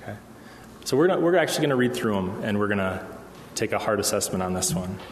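Low-voiced male pastor preaching in a hall. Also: animated, fast talker, a little hiss or hum. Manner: conversational, asks the room "okay?" often. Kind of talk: sermon. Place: church hall. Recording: echoey hall with long reverb.

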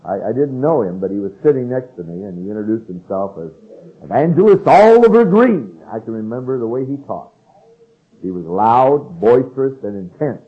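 A man's voice: fairly low pitch, fairly quick. An older man from California preaching a sermon, earnest and emphatic as he reads and explains scripture. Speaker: pastor. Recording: narrow phone-like radio broadcast sound.

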